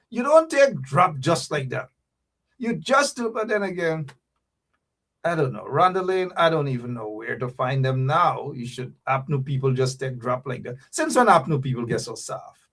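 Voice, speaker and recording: Husky, lively man hosting a show. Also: on the high side, normal speed. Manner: animated, teasing, talks straight to viewers. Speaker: talk show host. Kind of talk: livestream talk show commentary.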